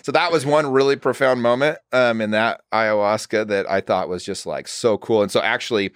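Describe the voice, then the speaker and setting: A man's voice: fairly low pitch, moderate pace, clear, resonant tone, no echo, studio quality. A man as a podcast guest, telling personal stories in an earnest, casual way with lots of "like" fillers. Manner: earnest storytelling, frequent "like" fillers. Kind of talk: casual conversation.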